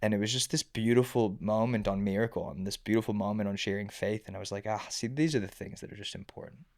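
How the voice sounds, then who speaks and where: A man on a faith podcast, telling stories in casual chat, animated and rambling, full of restarts. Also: fairly low pitch, fast, creaky.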